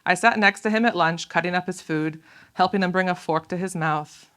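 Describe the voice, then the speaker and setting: A woman author and scientist speaking at a public lecture. She talks in a measured, earnest way with thoughtful pauses, and reads aloud from her book. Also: lowish voice, fairly bright tone. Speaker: author and scientist giving a talk.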